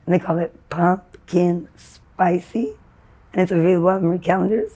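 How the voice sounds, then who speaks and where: A woman's voice: fairly low pitch, fairly even intonation, moderate pace, mellow, slightly rough. A woman being interviewed, talking in a rambling, disjointed, free-associating way. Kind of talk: street interview.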